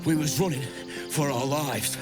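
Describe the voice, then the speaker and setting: A man's voice: fairly high pitch, normal speed, over music, close to an everyday voice. An actor playing an angry male tiefling camp guard who scolds and sounds indignant. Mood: furious.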